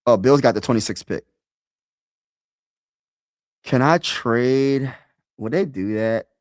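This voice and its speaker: Guy streaming to his chat, aave slang, keeps repeating himself, mid pitch, dry close sound. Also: slow pace, no echo. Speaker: sports streamer. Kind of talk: live-stream mock draft chat.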